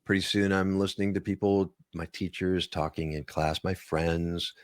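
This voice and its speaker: This man sits low in pitch and talks at a moderate pace, recorded dry in studio quality. A voice-over artist and author raised in northern Minnesota, he's a guest in a casual interview, animatedly telling stories and occasionally dropping into playful impressions.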